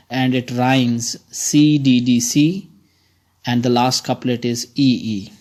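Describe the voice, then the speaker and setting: A man teaching students, explaining a poem in a slow, halting way with frequent pauses. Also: medium pitch.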